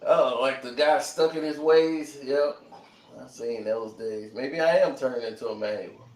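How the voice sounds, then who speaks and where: A man chatting casually as co-host, animated, laughing often and acting out quotes. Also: medium pitch, a little slow. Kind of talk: casual chat. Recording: echoey room, distant mic, noisy.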